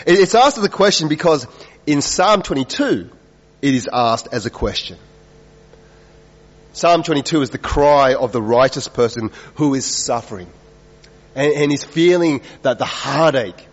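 A male preacher delivering an earnest sermon, pressing his points with rhetorical questions and dropping to slow, quiet lines. His voice carries the long reverb of a large hall. The sound is a little dull and muffled. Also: medium pitch, expressive. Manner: earnest, rising and falling emphasis with rhetorical questions.

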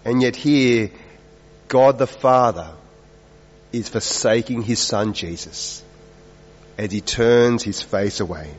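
A man's voice: medium pitch, takes it slowly, pauses often. Guy preaching a sermon, earnest, big ups and downs in emphasis, echoey hall, kinda muffled sound. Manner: earnest, rising and falling emphasis with rhetorical questions. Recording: dull, reverberant hall sound.

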